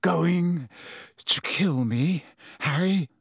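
A man voicing a worn, hunted man who speaks very quietly and then urgently. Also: fairly high pitch, drawn-out words, creaky, husky, no room sound, studio quality, voice pushed up, full character voice.

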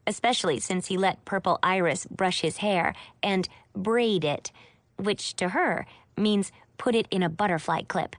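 A woman's voice: medium pitch, no echo. Woman reading a chatty first-person audiobook, wry, dead dry close mic. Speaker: audiobook narrator.

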